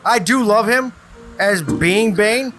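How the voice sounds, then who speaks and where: A man's voice: sits high, slow, pushed and bright. A man co-hosting a casual movie podcast, emphatic and repeating his points. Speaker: podcast co-host.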